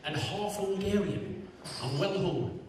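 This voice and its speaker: A Geordie man doing stand-up, his voice sitting a little high as he banters with the crowd between punchlines. He is captured from a distance in a big, echoing hall. Clear audience noise fills the room around him. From Newcastle, England. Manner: quick one-liners, chatty banter with the audience. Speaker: stand-up comedian. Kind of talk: stand-up comedy set. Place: live venue with audience. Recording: echoey hall, mic far, audience noise.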